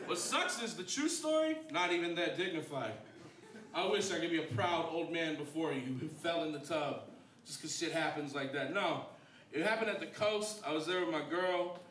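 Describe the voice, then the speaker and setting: A man's voice: expressive, normal speed, a bit bright, slight background noise. Wry self-mocking stand-up comedian man. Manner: wry, self-deprecating, jumps to high-pitched voices for punchlines. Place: comedy club stage. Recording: echoey club from a distance, hall mic. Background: audience laughter.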